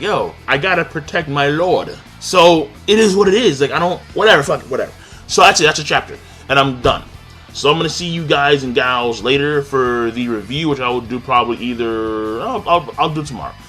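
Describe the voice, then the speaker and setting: A young man giving a live, excitable reaction to a manga chapter, joking and swearing as he reads. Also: medium pitch, a little fast, faint music behind. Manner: excitable, profane, jokey.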